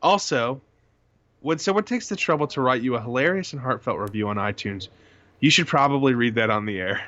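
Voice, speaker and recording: A young man co-hosts a casual podcast, kidding around and swearing freely. His medium-pitched voice is a bit bright, fairly quick, and lively in intonation, though the recording sounds dull and lo-fi.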